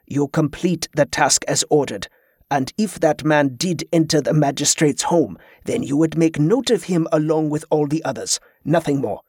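A man's voice: a little high, moderate pace, husky, no room sound, studio quality. A man doing a stern old fighting master. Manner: clipped, flat and commanding. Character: stern old male combat master, cold and grave.

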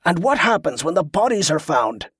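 A man's voice: a little high, sing-song, normal speed, fairly bright tone, breathy edge, no echo, studio quality, heavily acted. A male narrator voicing a brash, profane ship captain who talks in a brusque, irritable way.

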